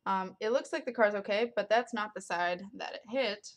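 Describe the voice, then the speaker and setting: A woman vlogger tells a story to camera in a mid-range voice at normal speed. She rambles casually, filling her speech with lots of ums and likes.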